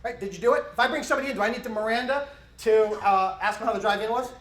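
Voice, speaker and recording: A middle-aged man training police officers, giving an animated conference presentation and acting out bits of interview dialogue. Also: sits high, very fast. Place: conference hall. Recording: echoey conference hall.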